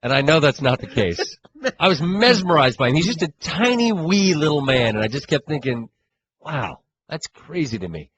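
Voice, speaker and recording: A man's voice: fairly high pitch, big pitch swings, brisk, fairly bright tone, low-quality recording. A man hosting a sports radio show, talking in a wry, chatty, rambling way. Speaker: radio host. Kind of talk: casual sports talk.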